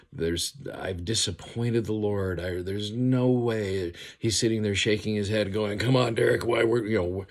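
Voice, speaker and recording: A man's voice: low voice, slightly rough. A man giving an earnest devotional scripture commentary, reading verses aloud and explaining them in a casual, heartfelt way. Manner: earnest, reads verses aloud with rising emphasis. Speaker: scripture teacher.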